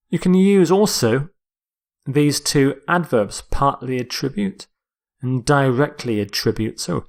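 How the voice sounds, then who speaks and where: A man teaching English vocabulary in a lecture, explaining words slowly and deliberately and sometimes correcting himself mid-sentence. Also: mid-range voice. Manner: slow, deliberate, with self-corrections.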